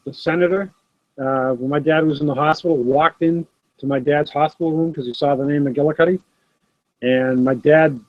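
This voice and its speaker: A man's voice: on the high side, no room sound. A middle-aged man, casually chatting on a live stream from his home desk and answering viewers by name, recorded on a laptop mic. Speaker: host of a live sports card stream. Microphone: laptop built-in camera mic. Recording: dull, dry laptop audio.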